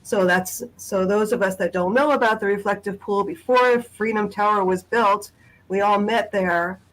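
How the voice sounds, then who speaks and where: A woman talks over a video call in a halting, unhurried way. She pauses often and restarts her sentences. Her pitch sits in the middle range. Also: steady tone, low-quality recording. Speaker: guest sharing a family memory. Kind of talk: personal testimony on a video call.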